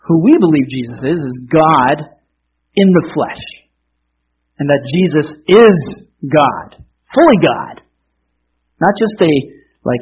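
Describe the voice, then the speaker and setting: A man's voice: a little high, lo-fi sound, a little hiss or hum. A man preaching a sermon in a conversational way, telling jokes and asking rhetorical questions. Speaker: pastor.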